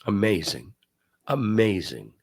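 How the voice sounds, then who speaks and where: Older male talk host, low voice, lively swooping delivery, emphatic. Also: slow pace, breathy edge. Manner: animated, emphatic storyteller. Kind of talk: casual commentary.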